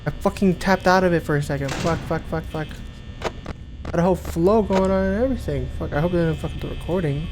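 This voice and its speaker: A man's voice: fairly high pitch, fast talker, noisy background. A young man giving casual, rambling gameplay commentary, with many fillers and much swearing. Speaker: gaming video creator.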